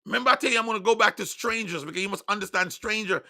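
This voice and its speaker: A man whose first tongue is Patois preaches in a high, bright, gravelly voice. He is emphatic and insistent, and now and then rises to loud declarations. The delivery has a sharp, piercing edge. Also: rapid-fire. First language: Jamaican Patois. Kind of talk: online sermon broadcast.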